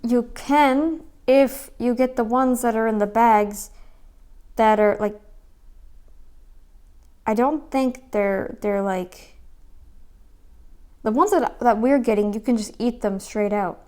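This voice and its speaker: A woman giving casual reaction commentary, rambling and turning loud and scolding when annoyed. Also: on the high side, slow, long pauses, smooth.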